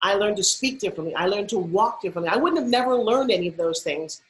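A woman's voice: medium pitch, animated, fast talker, rough recording. A middle-aged woman from New York, a podcast guest telling her life story with punchy emphasis. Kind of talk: storytelling interview.

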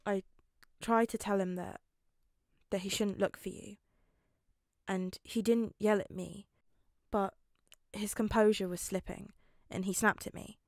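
Gentle, hesitant teenage boy soothing a friend, read by a woman narrator in a fanfic audiobook; dry, close recording. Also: medium pitch, no room sound, lightly acted. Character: quiet, guarded teenage boy comforting a friend.

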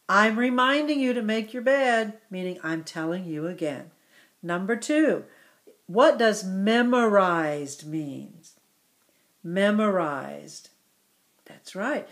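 A woman teaching young children, asking questions about a story and praising their answers in a slow, encouraging way. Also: mid-range voice. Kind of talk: story comprehension lesson for children.

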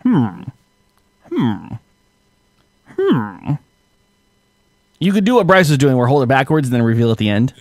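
A man's voice: medium pitch, big pitch swings, measured pace, long pauses, darkish tone, dry recording. A man hosting a casual podcast quiz game, joking loosely and laughing often. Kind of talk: casual chat.

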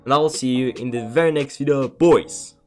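A man's voice: medium pitch, fairly quick, over loud music. A young man giving casual commentary over a betting game, agitated, swearing and pleading over and over. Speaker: gaming streamer.

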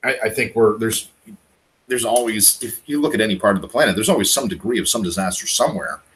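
A man from Canada talking in a casual prepping chat, animated and emphatic, often repeating words. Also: fairly low pitch, fast, slight background noise, low-quality recording. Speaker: guest on a prepping livestream.

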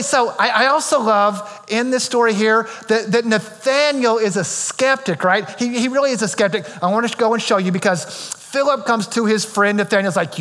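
A male pastor delivers a sermon in a relaxed, conversational way, cracking jokes and tossing in "right?" to keep the room with him. His voice sits fairly high for a man. The sound carries a long reverb from a large church hall. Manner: conversational and joking, keeps asking "right?". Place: church auditorium.

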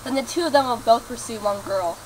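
A woman's voice: on the high side, a little fast, slight background noise, natural voice, low-quality recording. A woman playing a sly, mischievous servant sprite who enjoys chaos. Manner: sly, amused.

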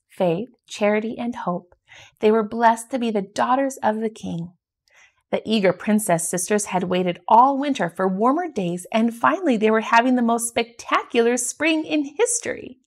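A woman reads a children's picture book aloud, steady and gentle. Her mid-pitched voice carries a noticeable gravelly fry. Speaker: storybook reader.

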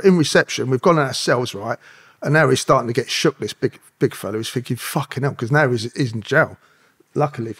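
Husky, foul-mouthed man. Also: mid-range voice. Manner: swears constantly, acts out dialogue. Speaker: podcast guest, former police officer. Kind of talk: profane anecdotal storytelling.

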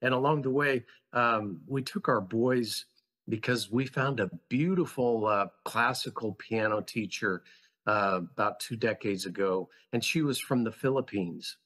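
In an unhurried, fairly low voice with a touch of brightness, a man describes founding a school during a podcast conversation. His storytelling is earnest, impassioned, and reflective.

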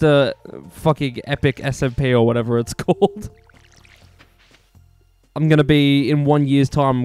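A man's voice: medium pitch, a little mellow, clear, resonant tone. Swearing, joking Australian gaming vlogger man. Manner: rambling, self-mocking, profane, jokey. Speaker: gaming YouTuber. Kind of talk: casual gameplay commentary.

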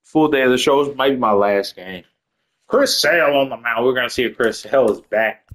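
A man's voice: mid-range voice, normal speed, a bit bright. A tired man doing casual gameplay commentary as a YouTuber, rambling and profane, dropping into sleepy mumbles and then blurting outbursts. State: tired late at night. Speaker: gaming YouTuber.

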